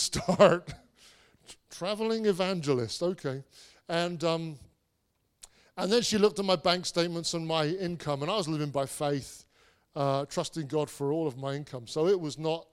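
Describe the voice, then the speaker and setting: A man's voice: a little high, unhurried. A man, preaching a sermon in a conversational storytelling way, with restarts and self-deprecating asides. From England. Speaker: pastor.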